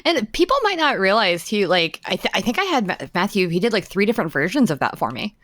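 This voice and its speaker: A woman with a fairly low voice in casual podcast chat, talking in quick asides and laughing between phrases. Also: sing-song, a bit bright, dry recording. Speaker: podcast guest, social media and layout staff.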